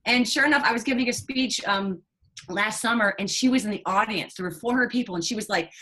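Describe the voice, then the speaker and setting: A middle-aged woman nurse, a guest, telling a story in an animated, chatty way. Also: fairly high pitch, quick pace, husky, rough recording. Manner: animated, chatty, with fillers and restarts. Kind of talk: casual storytelling in a conversation.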